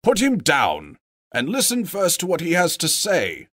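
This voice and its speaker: A man's voice: a little high, huge pitch swings, unhurried, a bit bright, dry recording, studio quality, voice pushed up, full character voice. A man voicing an old male wizard, authoritative and wry. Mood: commanding.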